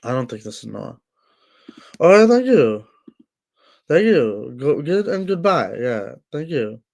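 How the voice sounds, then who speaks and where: A male streamer with a mid-range, gravelly, slightly mellow voice gets very animated while hosting a relaxed livestream and answering chat at a slow, drawn-out pace. He restarts sentences, leans on fillers, and keeps scolding trolls, seemingly through a home streaming mic.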